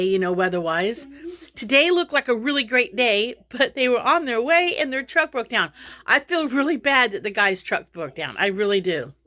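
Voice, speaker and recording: A woman's voice: on the high side, bright, forceful tone. Chatty middle-aged woman who laughs often. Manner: rambling, laughs through her frustration. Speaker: vlogger. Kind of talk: casual vlog chat.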